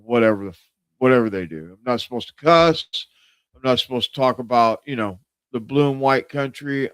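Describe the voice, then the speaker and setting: A man's voice: fairly low pitch, clear, resonant tone, no echo. A man hosting a live stream in casual chat, rambling with many fillers and self-corrections. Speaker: host of a live show.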